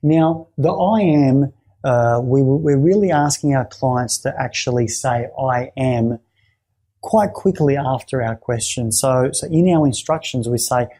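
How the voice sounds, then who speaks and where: A man explaining a therapy exercise to fellow clinicians, halting often to repeat words and restart his sentences. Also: medium pitch, expressive, dark tone. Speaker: therapy trainer.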